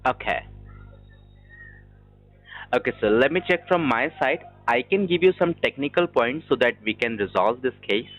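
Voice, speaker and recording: A man's voice: medium pitch, lively intonation, moderate pace, pauses often. A man working as a phone support agent, reading a script with formal, repetitive phrasing over a phone line. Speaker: scam call agent. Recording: dull lo-fi phone audio with faint music.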